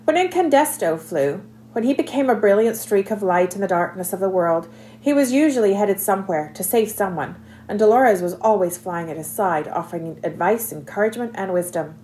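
A woman narrating a children's novel aloud in an expressive, scripted reading. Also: mid-range voice, fairly quick, slight background noise. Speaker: audiobook narrator.

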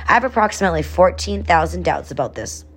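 A woman's voice: lowish voice, animated, fast, husky. A woman voicing a nervous, anxious young boy in a storybook reading, worried and pleading.

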